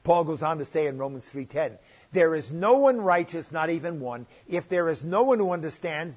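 An older man gives a sermon in a husky, fairly high voice, and his delivery is earnest. He leans into key points and slows down to press them home. The sound is dull and lo-fi. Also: expressive. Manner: earnest, rising emphasis and slowing on key points. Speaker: pastor.

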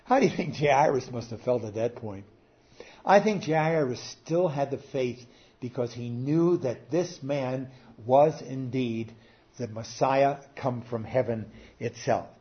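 A man's voice: medium pitch, unhurried. Older male pastor preaching emphatically. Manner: emphatic, swings from soft to loud. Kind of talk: sermon. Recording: dull lo-fi sound.

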